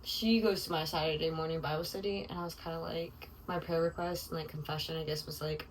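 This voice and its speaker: A young woman with a fairly low voice talks through a casual confessional vlog, her sentences rambling and heavy with "like." She sounds openly emotional. The mic sits a little away from her, with faint room ambience underneath. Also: fast, few pauses, recorded from a distance, a little hiss or hum, low-quality recording. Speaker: vlogger. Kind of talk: casual confessional video diary.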